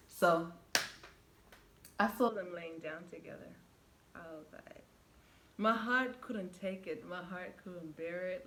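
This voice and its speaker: A woman's voice: on the low side, takes it slowly, long pauses. Young woman doing a storytime vlog, chatty, talks right to viewers, bit of faint hiss behind. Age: young adult. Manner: animated storyteller who acts out quoted dialogue; chatty, addresses viewers directly. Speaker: vlogger. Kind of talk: storytime vlog, casual retelling.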